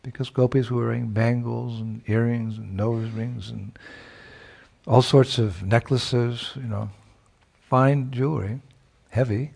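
Slow, reflective male preacher telling a story. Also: mid-range voice, fairly even intonation, creaky, a little mellow, husky. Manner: reflective, with chuckles and searching for words. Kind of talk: storytelling sermon.

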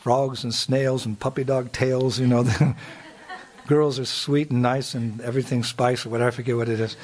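A man's voice: medium pitch, little pitch movement, normal speed, darkish tone. A man telling a devotional story, chuckling often and restarting his sentences. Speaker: spiritual storyteller.

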